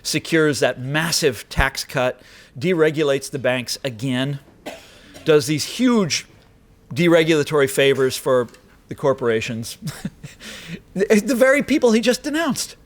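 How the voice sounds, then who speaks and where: A man with a fairly high, animated voice speaks a little slowly as he addresses an audience in a lecture hall. His political speech is emphatic and rhetorical, sprinkled with wry asides.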